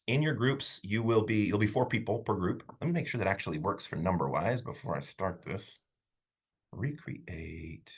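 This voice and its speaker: A man teaching a public speaking class online in a casual, animated way, rambling a little with fillers, over a computer mic. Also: lowish voice, slightly rough. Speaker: college instructor.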